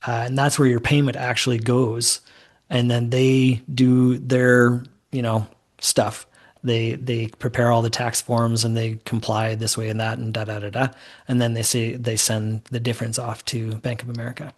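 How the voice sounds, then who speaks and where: This is an easygoing man talking through his investing methods on a podcast. He speaks at an ordinary middle pitch. His explanations wander and fill up with "uh" and "you know.". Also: little pitch movement, normal speed. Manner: easygoing, rambling explanations with fillers. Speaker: guest, mortgage note investor. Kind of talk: conversational podcast interview.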